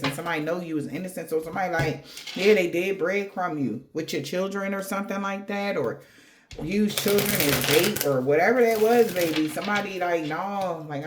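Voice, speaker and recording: A woman with a lowish voice gives a casual tarot reading amid background noise. The tarot reader rambles in slangy talk aimed straight at the viewer.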